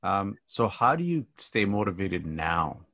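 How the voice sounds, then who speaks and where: A man interviewing a guest, asking halting questions and restarting them. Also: low voice, big pitch swings, gravelly, bright, forceful tone.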